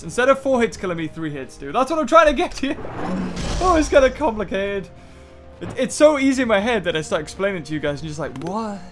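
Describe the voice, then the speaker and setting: A British man giving chatty, excitable let's-play commentary from his bedroom at home, thinking out loud and laughing often. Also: high-pitched. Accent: British English. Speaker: gaming channel host.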